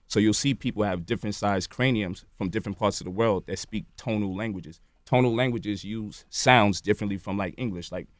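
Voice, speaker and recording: A man's voice: fairly low pitch, dry recording, studio quality. A man, a radio show guest, explaining at length in a lecturing way and checking in with "right?" and "you feel me?". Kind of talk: lecturing interview talk. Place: radio studio.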